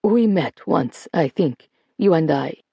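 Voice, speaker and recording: A narrator gives voice to a determined woman who keeps her tone calm and controlled. She speaks measured and a little quieter, with a gravelly texture, in a dry close sound. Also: on the low side, no echo. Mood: calm, probing. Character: calm, determined woman, former jewel thief.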